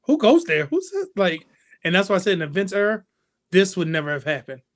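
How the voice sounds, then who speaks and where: A man co-hosting a wrestling talk show, talking in an animated way and acting out fan reactions. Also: sits high, brisk. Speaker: podcast co-host. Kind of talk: casual chat.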